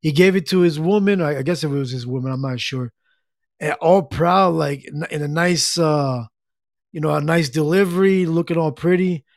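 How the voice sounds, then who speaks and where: Brief: middle-aged male streamer, relaxed rambling chat, gravelly, slightly higher voice. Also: normal speed, no echo, clean studio sound. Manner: rambling, easygoing, reads chat aloud. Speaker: livestream host. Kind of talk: casual chat with viewers.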